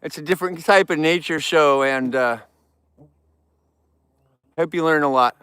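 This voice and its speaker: A man's voice: a little high, measured pace, a bit bright, clean tone, dry recording. A man hosting a casual live vlog outdoors, talking straight to viewers in an upbeat, rambling way. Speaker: outdoor livestream host. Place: outdoors in the wild.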